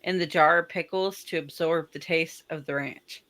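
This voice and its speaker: A woman originally from the American South talks in a bright, crisp voice that sits fairly low. She chats on a podcast in a plain, matter-of-fact way. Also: steady tone, normal speed. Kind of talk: casual podcast chat.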